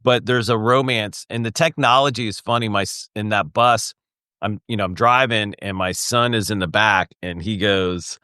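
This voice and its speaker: A middle-aged man in casual podcast chat, telling animated stories and acting out the voices of other people. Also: medium pitch, moderate pace, no echo, clean studio sound. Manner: animated storyteller acting out quoted dialogue. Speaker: podcast co-host or guest.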